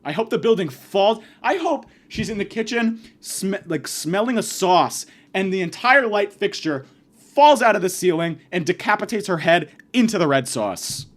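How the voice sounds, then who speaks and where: A man's voice: high-pitched, animated, moderate pace. A man hosting a podcast, delivering a profane, sarcastic comedic rant. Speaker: podcast host.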